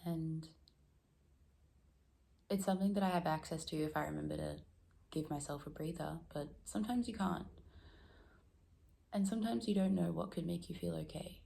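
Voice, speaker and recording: Low-ish woman rambling at home, bit of vocal fry, laughs a lot, self-deprecating. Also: normal speed, pauses often, mellow, slight background noise. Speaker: vlogger. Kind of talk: casual reflective vlog chat. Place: room at home.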